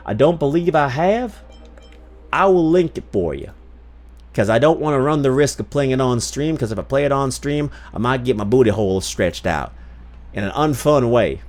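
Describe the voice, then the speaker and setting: A man's voice: mid-range voice, natural voice. A streamer putting on a Southern US drawl, playing a folksy, teasing male cowboy while he chats casually with his viewers. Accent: put-on Southern US drawl. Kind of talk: casual game-stream chat.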